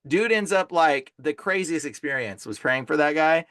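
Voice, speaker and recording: Animated high-pitched man telling stories. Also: normal speed, dry recording, clean studio sound. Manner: animated, fillers like "like" and "bro". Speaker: guest, deliverance minister. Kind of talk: casual storytelling.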